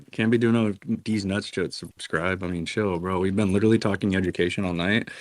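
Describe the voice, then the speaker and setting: A man's voice: low voice, brisk. A man hosting a live audio chat, talking casually and swearing freely. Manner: laid-back, swears a lot, says bro. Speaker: host.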